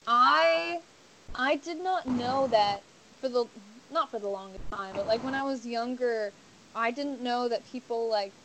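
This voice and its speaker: Young female guest, bright and enthusiastic, casual chatter with a slightly high voice. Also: a little slow, noisy background. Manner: bubbly, gushing, many "like" fillers. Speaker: podcast guest. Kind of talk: casual chat.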